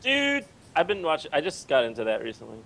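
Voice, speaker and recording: A man who is a guest on a podcast, chatting casually and excitably, swearing often and stumbling into restarts. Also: a little high, fast, gravelly, a crowd in the background. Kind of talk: casual chat.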